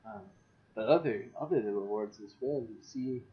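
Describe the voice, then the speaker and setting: A man voicing a finely dressed masked nobleman with a put-on French accent, slow and courtly, on dull lo-fi audio. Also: mid-range voice, expressive, natural voice. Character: fancy masked Frankish nobleman, smooth and ingratiating.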